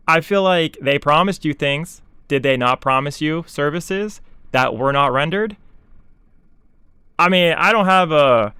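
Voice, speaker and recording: A young man rants in sarcastic, exasperated commentary, mocking other voices in quoted asides. His voice sits a bit high and sounds smooth and clean. The recording is dry and close, with no room sound. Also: bright, forceful tone, dry recording. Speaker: VTuber commentator. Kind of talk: ranting commentary.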